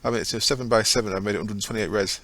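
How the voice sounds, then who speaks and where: A man's voice: lowish voice, fairly even intonation, racing, a bit bright. A man giving casual, rambling commentary over his own gameplay, often correcting himself as he goes. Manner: chatty, rambling, self-correcting. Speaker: gaming channel host.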